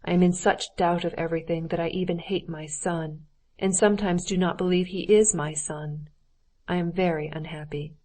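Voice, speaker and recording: A woman's voice: on the low side, steady tone, dark tone, lightly acted. A woman reading as a cold, formal husband. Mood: bitter. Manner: measured, formal, clipped. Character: cold, stiff middle-aged husband.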